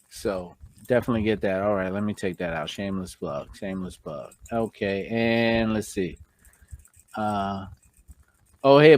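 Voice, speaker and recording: A man with a New York accent hosting a casual live stream, chatting and reading out viewer comments. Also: on the low side.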